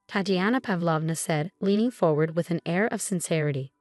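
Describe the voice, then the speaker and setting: A woman reading a scripted story as narrator, with an even storytelling delivery. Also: lowish voice, fairly quick, few pauses, no echo, studio quality, faint music behind.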